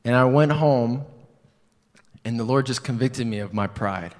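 A man preaches a sermon in a church building, and his voice carries a long, lingering reverb from the hall. His pitch sits in the middle range for a man. He tells his story conversationally, pausing for rhetorical questions and laughing at his own mistakes. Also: darkish tone.

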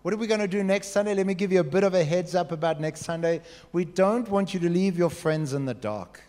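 A man preaching to a youth group, talking straight to them with quick acted asides. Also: high voice. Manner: animated, talks to the audience directly with quick acted asides. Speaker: youth pastor. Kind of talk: youth sermon. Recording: long hall reverb.

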